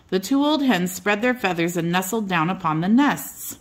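An older woman reads a children's bedtime story, her voice gentle and unhurried. She sits at a middling pitch, steady and clear for young listeners.

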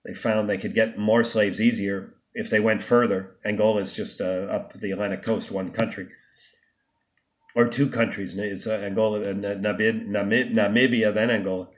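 A man with a fairly low voice talks straight to camera in an unscripted vlog. He sounds emphatic and indignant, and he keeps restarting and tripping over words as he works his way through a point. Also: little pitch movement, normal speed. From United States. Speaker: vlogger.

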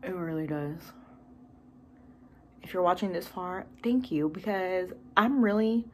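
A woman's voice: lowish voice, a little slow. A woman vlogging casually at home, reviewing a TV series in a gushing, emotional, rambling way with sighs and fillers. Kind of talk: casual chat. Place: home room with TV behind camera.

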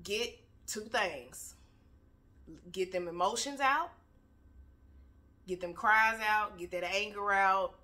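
Woman motivational vlogger, bright and forceful, blunt and swearing, preaching from her couch. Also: medium pitch, slow pace, pauses often. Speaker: motivational speaker. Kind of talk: candid motivational talk. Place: home, on a couch.

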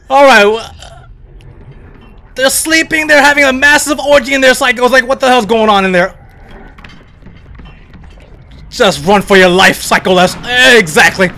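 A man playing a horror game on video, commenting excitedly, yelling and swearing at the scares and talking to his viewers. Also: very high voice, normal speed, creaky, pauses often, a little hiss or hum. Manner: loud exclamations and swearing, laughs often; addresses viewers as psychos. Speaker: let's play gamer.

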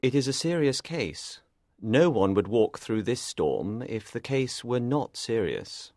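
A man voicing Sherlock Holmes, calm and grave. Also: medium pitch, dry recording, clean studio sound. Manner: measured and serious. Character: calm, grave male detective. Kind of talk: storybook dialogue for English learners.

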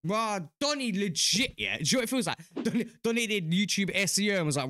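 A young British man hosting a reaction video, talking in excited casual commentary full of slang and cheers. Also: sits high, quick pace, hardly any pauses, a little hiss or hum. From United Kingdom.

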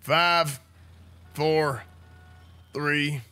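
A man playing a gruff, bossy retired country sheriff in a role-play game, with a put-on drawl. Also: a little high, steady tone, very slow, bright, forceful tone, full character voice. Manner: drawling, bossy, repeats 'son'. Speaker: streamer.

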